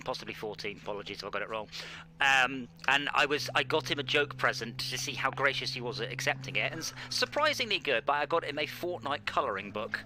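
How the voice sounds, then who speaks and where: A man with a mid-range, bright voice and forceful tone hosts a sim racing stream, chatting casually in a playful, self-mocking way. The audio is poor, with a faint background hum.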